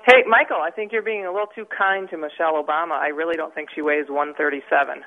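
A woman's voice: low voice, fast. Woman, radio caller, chatty, agreeable, phone-line sound. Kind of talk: call-in radio talk.

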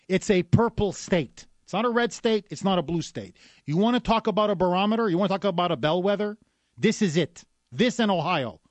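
Through a studio microphone with no room sound, a man with a high-pitched voice hosts a talk radio show, delivering an emphatic, combative monologue full of repetition.

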